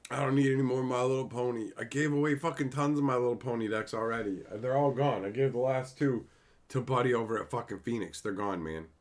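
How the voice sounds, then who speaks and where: Male stream host, mid-pitched, profane and rambling, reads and riffs on chat. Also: fast talker. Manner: reads and answers chat viewers. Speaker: livestream host. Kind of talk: casual livestream chat.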